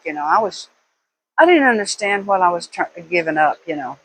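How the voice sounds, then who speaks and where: An older woman, talking casually to her viewers in a slow, rambling way with pauses and fillers. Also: on the low side, lively intonation, slight background noise, rough recording. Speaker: vlogger.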